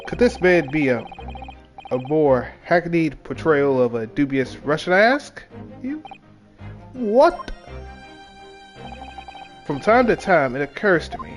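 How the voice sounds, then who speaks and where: A man's voice: fairly high pitch, animated, slow pace, long pauses, soft background music. A man reading aloud as a pompous, eccentric male detective, theatrical and grandiose, stumbling over words now and then. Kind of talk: reading game dialogue aloud.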